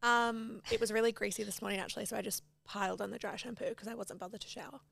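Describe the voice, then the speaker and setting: A woman's voice: mid-range voice, fairly even intonation, quick pace, gravelly, fairly bright tone, no room sound, clean studio sound. A young woman, a podcast guest, chatting casually and self-deprecatingly with lots of fillers. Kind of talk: casual chat. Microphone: studio podcast mic.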